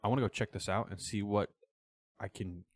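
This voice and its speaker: Lowish-voiced man, hesitant tabletop player. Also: fairly quick, no room sound, studio quality. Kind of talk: casual tabletop play.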